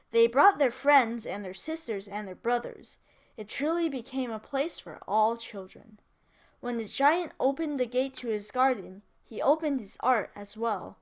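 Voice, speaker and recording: A woman who teaches English, reading a story aloud in a chatty way, with casual asides and self-corrections. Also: a little high.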